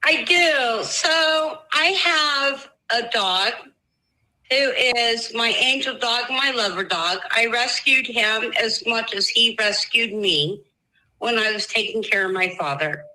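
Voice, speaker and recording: A woman calling a radio show who talks slowly and emotionally, close to tears. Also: a little high, pushed and bright, poor audio. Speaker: caller. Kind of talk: phone-in conversation.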